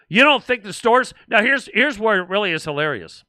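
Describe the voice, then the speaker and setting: Male livestream host, sarcastic political rant, lively high voice. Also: normal speed, hardly any pauses, no echo. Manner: animated and sarcastic, mocking other voices.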